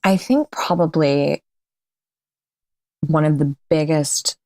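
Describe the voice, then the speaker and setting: A woman's voice: low-pitched, slow pace, darkish tone. A woman speaking as a podcast guest in casual interview chat, candid and laughing often. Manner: candid, laughs often, restarts mid-sentence.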